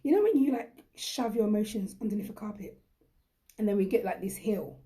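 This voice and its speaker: Young woman, host, deep mellow tone, live chat with viewers, emphatic and encouraging. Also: animated, brisk.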